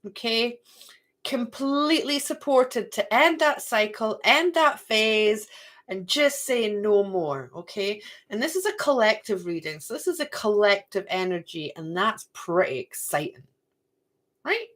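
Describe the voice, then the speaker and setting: A woman's voice: medium pitch, animated, unhurried, fairly bright tone. A woman giving a casual, chatty spiritual card reading to her viewers, often checking in with "okay?" and "right?".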